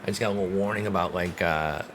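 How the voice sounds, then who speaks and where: Gaming streamer, male, deep voice; relaxed play-by-play that flips into exasperated outbursts. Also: fast talker, noisy background. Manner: animated, swings from calm calls to loud outbursts and groans. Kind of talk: casual play-by-play of a baseball sim.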